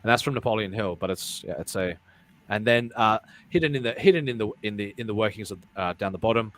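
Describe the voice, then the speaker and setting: A low-voiced man hosts a casual live talk show. He rambles, restarts phrases and repeats words as he goes, laughing along the way. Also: expressive, quick pace, a bit bright. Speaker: podcast host. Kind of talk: casual live-stream chat.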